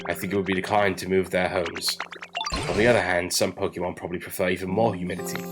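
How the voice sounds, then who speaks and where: A man who is under the weather voicing a gentle plant creature professor who gives measured advice. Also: deep voice, little pitch movement, over loud music, lightly acted. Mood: advising.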